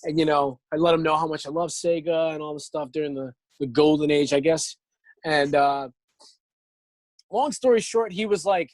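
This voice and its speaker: A man's voice: a little high, normal speed, no echo. A young man, an actor, telling long stories in a casual interview, acting out what people said and laughing often. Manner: animated, acts out quotes, laughs often.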